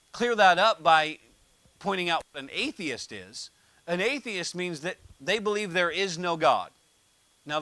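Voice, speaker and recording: Joking American preacher, bright and dry. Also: male voice, on the high side, no echo. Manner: conversational, jokey preaching with told anecdotes. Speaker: pastor. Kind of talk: sermon.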